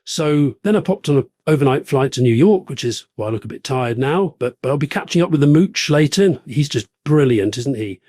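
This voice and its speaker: A man's voice: mid-range voice, expressive, fairly quick, hardly any pauses, darkish tone, no echo, studio quality, close to an everyday voice. A man playing a pompous, jet-setting male podcast host who brags and name-drops in a rambling satirical podcast parody. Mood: boastful. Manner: boastful, name-dropping, rambling.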